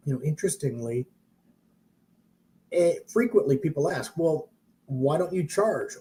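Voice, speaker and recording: Male mortgage trainer, mellow tone, chatty storyteller who circles back on himself. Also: a little high. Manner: rambling, self-interrupting, animated storyteller. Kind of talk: casual storytelling on a live stream.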